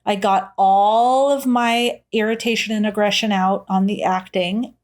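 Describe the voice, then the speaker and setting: A woman co-hosting a casual horror-movie podcast, chatty and quick to laugh. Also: mid-range voice, fairly even intonation. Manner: chatty, laughs often, quickly acts out quoted voices. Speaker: podcast co-host. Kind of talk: casual chat.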